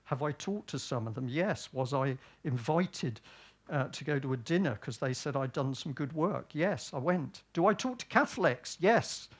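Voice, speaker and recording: A man's voice: fairly high pitch, lively intonation, moderate pace. A man from Britain giving a public talk, often asking himself rhetorical questions and answering them. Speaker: speaker at a public event.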